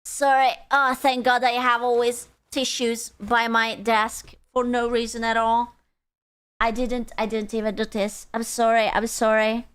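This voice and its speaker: A woman's voice: a little high, little pitch movement, unhurried, fairly bright tone, clean tone. A woman streamer chatting casually with her viewers, blunt and playfully teasing. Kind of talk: casual live-stream chat.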